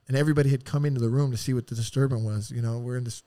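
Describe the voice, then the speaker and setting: A man's voice: mid-range voice, steady tone, very fast, few pauses, dark tone, no room sound. A man telling stories as a podcast guest in a casual, rambling way, with heavy swearing and streetwise slang. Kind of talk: casual storytelling.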